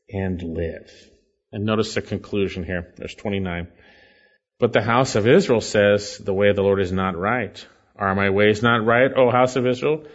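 A man preaching a sermon, reading scripture aloud and pleading earnestly with his listeners. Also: medium pitch. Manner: earnest, emphatic, rising and falling with scripture readings. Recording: slightly dull lo-fi recording.

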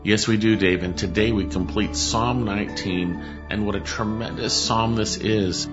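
A man's voice: lowish voice, fairly even intonation, moderate pace, over music. A male pastor talking in a radio studio, answering listener mail earnestly, on a dull lo-fi recording. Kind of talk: radio program chat.

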